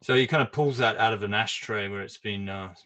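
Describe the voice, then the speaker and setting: A man's voice: lowish voice, fairly quick, pushed and bright. A man playing in a tabletop game, joking and wry. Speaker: player.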